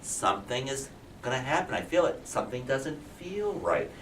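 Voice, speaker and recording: A man's voice: mid-range voice, very animated, normal speed, fairly bright tone, a little hiss or hum. A male teacher voicing a worried old male turtle in a read-aloud story to young children. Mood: uneasy. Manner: anxious, puzzled exclamations. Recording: roomy classroom from a distance.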